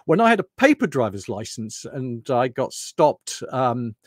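A man's voice: mid-range voice, very animated, measured pace, no room sound, studio quality. A middle-aged British man from the UK giving a rambling, anecdotal lunchtime talk. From United Kingdom. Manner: rambling, anecdotal, loose restarts. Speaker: presenter.

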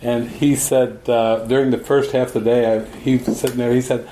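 A man's voice: medium pitch, level tone, moderate pace, mellow, a little hiss or hum. A man, a spiritual teacher, giving a storytelling talk at a group gathering. He tells his stories with animation and acts out the voices of the people in them. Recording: echoey room.

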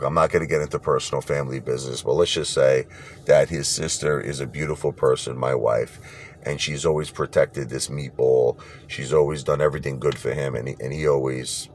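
Man, very low voice, blunt rambling vlog rant. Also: vocal fry, a little mellow, slight background noise. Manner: blunt, rambling, repeats himself. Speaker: vlogger. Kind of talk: casual rant to camera.

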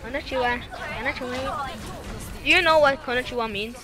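A woman's voice: high-pitched, brisk, a crowd in the background. A young woman chatting playfully while gaming with a friend, giggling and tripping over her words. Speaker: gamer playing with a friend. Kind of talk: casual gaming chat with silly skits.

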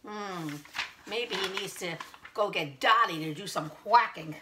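A woman preschool teacher reading a picture book aloud to young children in slow, sing-song teacher talk, asking them questions. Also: mid-range voice, background noise.

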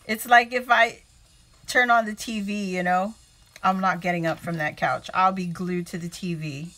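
A woman's voice: fairly low pitch, steady tone, a little slow, bright, forceful tone. A woman hosting a casual crafting livestream from home, chatting, laughing often and greeting viewers by name.

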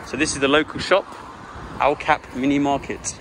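A playful man narrates his trip straight to camera, teasing his friends as he goes. His voice sits slightly high. Steady outdoor noise runs under the camera mic. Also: a little fast. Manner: playful, joking, talks to camera. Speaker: travel vlogger. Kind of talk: casual vlog narration. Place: outdoors on a beach and street.

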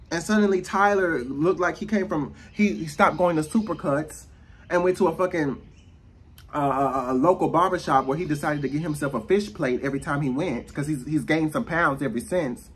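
A man's voice: a little high, moderate pace, breathy edge. A man with an American accent delivering a profane, sassy rant to camera, slipping into mocking voices. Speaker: vlogger. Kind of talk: ranting monologue.

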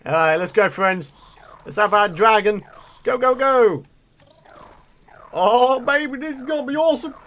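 A young man giving chatty, excitable commentary as he plays through a game, often breaking into exclamations. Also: very high-pitched, measured pace, long pauses. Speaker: let's play host. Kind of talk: gameplay commentary.

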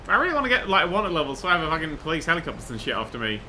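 A young man giving excitable gameplay commentary, swearing, laughing and humming tunes as he plays. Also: a little high, very fast, few pauses, slight background noise. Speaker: gaming video host.

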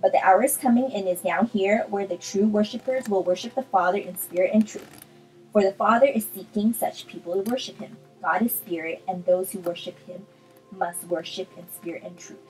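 A woman's voice: mid-range voice, normal speed, faint music behind, poor audio. A woman vlogger chatting casually with lots of ums, then reading a Bible chapter aloud. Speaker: art vlogger. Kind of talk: casual chat and scripture reading.

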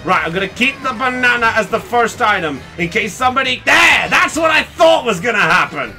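An excitable man commentates his own gameplay on a live stream, his high, bright voice swooping up and down as he reacts. He laughs often and calls out to his viewers between moments of play. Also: brisk, soft background music. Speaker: game streamer.

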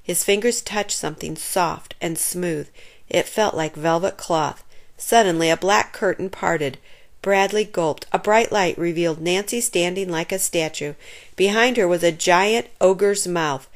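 A woman reading a children's chapter book aloud in an expressive storytelling manner. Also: fairly low pitch, unhurried.

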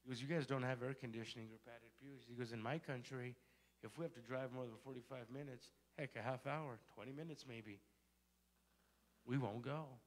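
A man's voice: mid-range voice, fairly even intonation, moderate pace. A male pastor telling a story in a sermon and building to fervent exhortation. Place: church sanctuary.

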